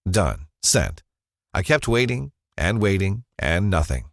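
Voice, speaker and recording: A man's voice: low-pitched, big pitch swings, measured pace, no echo, clean studio sound. A man narrating a scripted first-person advertisement story in a dramatic, confessional storytelling manner.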